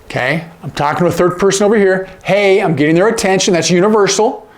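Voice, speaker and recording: A man with a high voice teaches sign language fast and casually, showing each sign. He keeps asking "okay?" as he goes.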